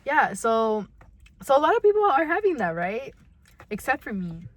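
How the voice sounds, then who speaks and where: Her voice is high with big swings in pitch, her speed is normal, and there's no room sound. She's a young woman from California co-hosting a podcast, casually telling a story, swearing without restraint, leaning on "like," and acting out her own earlier lines.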